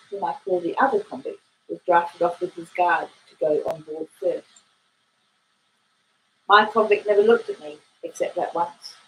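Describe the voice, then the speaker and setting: A woman with an Australian accent, reading a classic novel aloud at an unhurried, expressive pace. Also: medium pitch, a little hiss or hum, poor audio. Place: home in Ireland.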